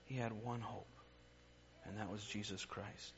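A man preaching a sermon in an earnest way. His voice goes from emphatic lines to hushed, quiet ones. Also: fairly low pitch, fairly even intonation, moderate pace, lo-fi sound, noisy background.

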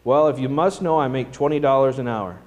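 A man voicing a tired, irritated father who speaks gruffly and loses his temper. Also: mid-range voice, a little fast, darkish tone, close to an everyday voice. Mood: angry.

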